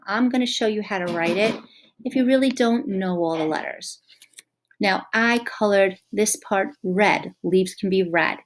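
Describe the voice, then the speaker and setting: A woman teacher giving a drawing and labeling lesson to young children, speaking gently and slowly sounding out words. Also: medium pitch.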